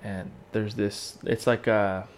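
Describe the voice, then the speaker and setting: A man co-hosting a podcast, telling an animated, swearing story in casual chat and shouting the lines he quotes. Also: on the low side, takes it slowly. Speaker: podcast co-host.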